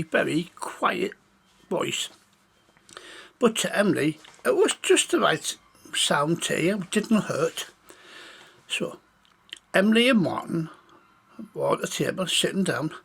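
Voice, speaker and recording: A man's voice: on the high side, animated, a bit bright. A man telling an improvised children's story in a meandering way. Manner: gravelly, slow and meandering.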